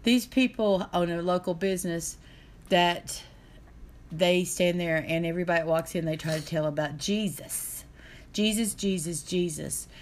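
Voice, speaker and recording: A woman's voice: lowish voice, measured pace, a little hiss or hum. A middle-aged woman, telling a painful story in an earnest, aggrieved way. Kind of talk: casual chat.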